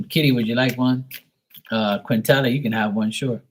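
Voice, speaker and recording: A man hosting a casual live tarot reading, affectionate and encouraging, reading card messages slowly into a phone. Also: medium pitch, steady tone, slight background noise. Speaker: live tarot card reader, stream host.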